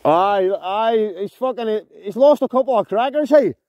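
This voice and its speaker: A Scottish man fishing outdoors by a loch, giving excited, sweary commentary and shouting to a friend across the water. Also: high-pitched, normal speed, no echo. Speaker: fishing vlogger.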